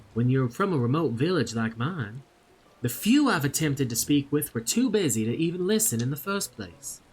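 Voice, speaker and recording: A man's voice: mid-range voice, breathy edge. A man voicing a shy young woman from a remote village with a put-on Southern accent, earnest and polite. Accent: put-on American Southern. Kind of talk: reading game dialogue aloud.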